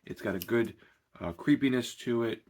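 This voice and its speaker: A man's voice: mid-range voice, normal speed, noisy background. A man talking loosely through a horror film review as a channel host, rambling and conversational. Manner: rambling and conversational, with many fillers. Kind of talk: casual spoken film review.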